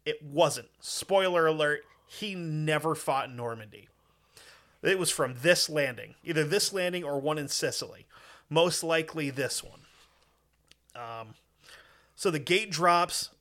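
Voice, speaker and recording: A bright, forceful man spinning a war story on a casual podcast, loose and profane. His voice sits a touch high and he leans hard on his emphasis. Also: unhurried.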